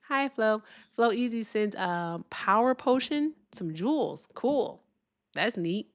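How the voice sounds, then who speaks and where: A woman's voice: mid-range voice, moderate pace. Emphatic woman streaming live. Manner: animated, emphatic, swears, stretches words for emphasis. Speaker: livestream political host.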